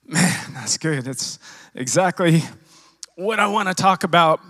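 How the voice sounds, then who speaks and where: A man giving a personal testimony to his church congregation, emotional and halting, often repeating and restarting his words into a handheld microphone. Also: on the high side, sharp tone, no echo, studio quality. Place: church sanctuary.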